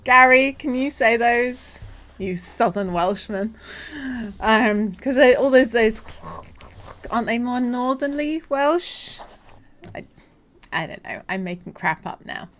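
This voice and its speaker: A woman live-streaming from home, chatting casually to viewers, giggly and excitable. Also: fairly high pitch, slow pace.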